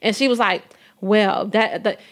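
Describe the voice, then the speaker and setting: Frank woman podcast co-host, mid-pitched. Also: steady tone, measured pace. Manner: frank, laughing, acts out quotes. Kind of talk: casual chat.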